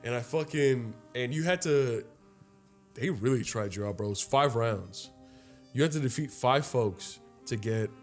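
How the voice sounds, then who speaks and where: A young man co-hosting a podcast, telling a long story in a casual, profane, animated way and acting out the other people's lines. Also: medium pitch, measured pace, faint music behind. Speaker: podcast co-host. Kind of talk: casual chat.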